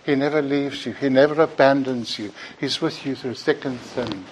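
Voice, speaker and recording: A man preaching to a congregation with earnest, emphatic delivery. His pitch sits mid-range. He circles back on words as he builds to each point, over a faint hiss of background noise. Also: normal speed, low-quality recording. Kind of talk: sermon. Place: church building.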